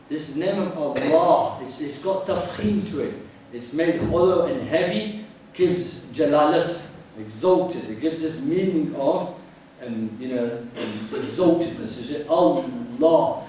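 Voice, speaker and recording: Guy teaching prayer in a mosque, high voice, keeps asking is that clear, heavy echo, mic far off. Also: darkish tone, slight background noise. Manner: drills pronunciation, asks the class to check understanding. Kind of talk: religious class teaching. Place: mosque hall. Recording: echoey hall, mic at a distance.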